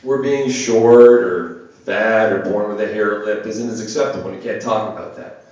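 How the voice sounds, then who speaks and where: A young man performing a deadpan stand-up comedy set to a small audience. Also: lowish voice, normal speed, dull audio. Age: young adult. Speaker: stand-up comic. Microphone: phone camera across the room. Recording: distant echoey phone video of a club set. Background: audience laughter.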